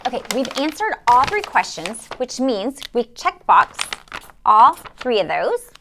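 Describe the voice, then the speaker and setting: A woman playing an excitable quiz-show host. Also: on the high side, a little slow, noisy background. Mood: excited. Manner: excitable, gasping, talks to the kids watching. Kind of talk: amateur stage skit.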